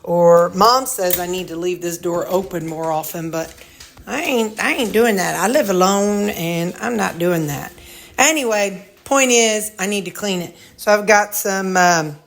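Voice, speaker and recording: A woman's voice: mid-range voice, a little slow. A woman with a Missouri accent rambles through a casual home tour vlog, stopping to talk sweetly to her dogs. She speaks into a handheld phone indoors in her own house, loose and chatty. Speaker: vlogger.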